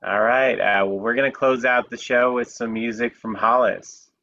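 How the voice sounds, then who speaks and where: A man hosting a comedy show, thanking a comic and introducing the music in a relaxed, brief way over a video call. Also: medium pitch, normal speed, highs cut off. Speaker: show host. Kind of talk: wrapping up a show.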